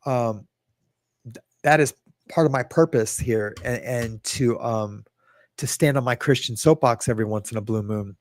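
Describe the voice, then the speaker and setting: Speaking at a moderate pace in a mid-range voice with no echo, a middle-aged man hosts a livestream podcast, rambling casually, reading chat comments out loud, and making fun of himself.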